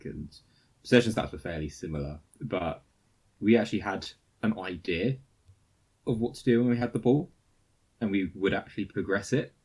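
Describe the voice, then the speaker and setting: A man with a low, husky voice in a casual podcast chat. He gives blunt opinions and swears freely. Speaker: podcast co-host.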